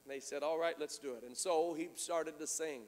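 Animated preacher man in a reverberant hall. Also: a little high, brisk. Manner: animated, repeats words, acts out quoted dialogue. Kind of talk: sermon storytelling.

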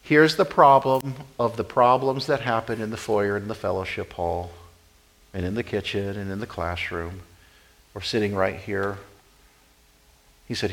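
A man's voice: fairly low pitch, vocal fry, poor audio. Man preaching a sermon with emphatic swings. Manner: swings from loud emphatic preaching to quiet conversational asides; repeats key phrases for emphasis. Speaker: pastor.

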